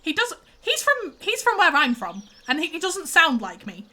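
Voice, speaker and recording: A woman's voice: very high voice, wildly swooping pitch, normal speed, bright, forceful tone. A young woman, chatting and rambling casually as a streamer while she plays. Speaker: streamer host. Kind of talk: casual chat while gaming.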